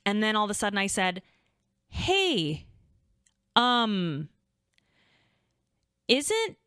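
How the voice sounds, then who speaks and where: A young adult woman co-hosting a podcast, telling a story in casual chat, animated and chatty, swearing freely and acting out quotes. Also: medium pitch, no echo, clean studio sound. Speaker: podcast co-host.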